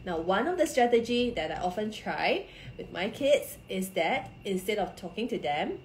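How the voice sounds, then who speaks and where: A woman with a mid-range voice talks parents through advice in a calm, explanatory way. She speaks straight to her live-stream viewers, and the room around her rings with echo. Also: mid-range voice, moderate pace, a little hiss or hum. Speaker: parenting coach. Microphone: phone or computer for a social media live stream. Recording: echoey room.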